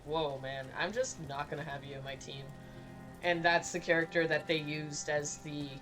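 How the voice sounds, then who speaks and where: A woman game streamer talks through her play in a relaxed, unhurried way, her voice sitting a little low. She is candid and chatty, breaks into laughter often and swears without a second thought. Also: a little hiss or hum. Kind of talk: casual live-stream commentary while playing.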